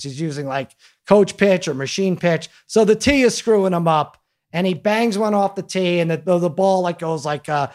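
A man hosting a podcast, telling a story in a lively, casual way and acting out the quotes. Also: sits high. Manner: animated storyteller, acts out quotes. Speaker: podcast host.

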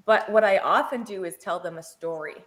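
A woman in her forties, a paramedic, telling a work story in casual chat, lively and often laughing. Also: mid-range voice, fairly quick, a little hiss or hum.

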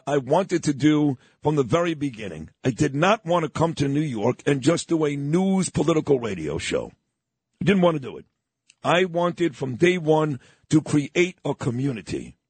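Husky, animated radio host man. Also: a little high, no room sound. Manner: animated, emphatic, repeats himself for effect. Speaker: radio talk show host. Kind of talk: opinionated morning radio talk. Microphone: studio broadcast mic.

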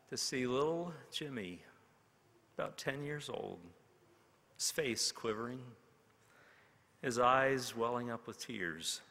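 A man preaching a sermon, telling a story in a slow, dramatic way with long pauses. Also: mid-range voice, creaky, bright, forceful tone. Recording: long hall reverb.

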